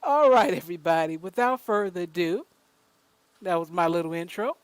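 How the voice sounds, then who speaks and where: A woman's voice: on the low side, a little fast, no echo. A woman hosting a casual podcast, chatting easily and reading news articles aloud. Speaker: podcast host.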